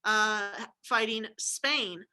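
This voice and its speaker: A woman's voice: medium pitch, drawn-out words, pushed and bright. A woman giving a recorded history lecture, chatty and informal, often checking in with "okay?" and throwing in jokey asides. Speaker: history teacher.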